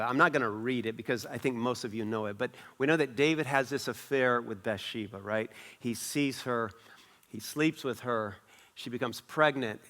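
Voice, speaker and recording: A male pastor preaching a sermon in a church, with strong swings in pitch and volume and phrases repeated for emphasis. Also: bright, forceful tone.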